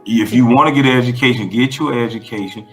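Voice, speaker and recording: A man's voice: medium pitch, quick pace, soft background music. A man being interviewed who talks in a blunt, emphatic way and swears freely. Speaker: interview guest. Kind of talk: casual conversational interview.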